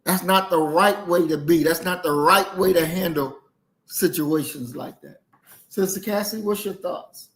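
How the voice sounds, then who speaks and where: A man's voice: high voice, unhurried, a bit bright. A man hosting a group discussion, critical and lecturing in tone. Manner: critical, lecturing, says "that's not" over and over. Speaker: discussion host. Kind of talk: moderating a discussion.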